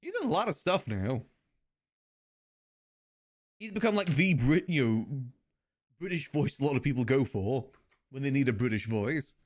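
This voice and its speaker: Chatty male streamer, lively pitch. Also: moderate pace, pauses often. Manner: chatty, joking asides to chat. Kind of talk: casual live-stream chat.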